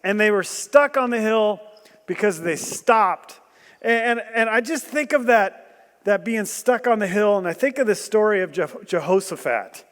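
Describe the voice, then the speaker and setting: A man preaching a sermon, animated and joking, asking the room questions and bursting into loud emphasis. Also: high-pitched, moderate pace. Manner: animated storytelling with jokes and rhetorical questions. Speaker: guest preacher. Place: church hall. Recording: long church hall reverb.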